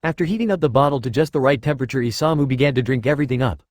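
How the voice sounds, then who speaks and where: A man narrating a fan-written story aloud in a steady, even way. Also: medium pitch, racing, dry recording, studio quality. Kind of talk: reading fan fiction aloud.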